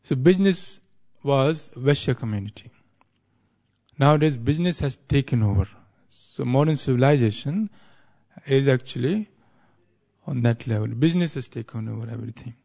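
Telling a sacred story in a devotional lecture, this spiritual speaker has a mid-range, dark voice with vocal fry, animated and at normal speed. His manner is easygoing: he restates points, explains along the way, and laughs at his own puns.

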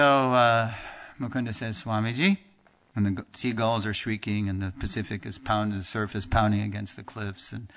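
A man teaching a religious class, telling a story in a lively conversational way and acting out the dialogue. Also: on the low side. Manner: animated storyteller, acts out quoted dialogue; conversational with fillers and restarts, laughs now and then. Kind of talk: storytelling lecture.

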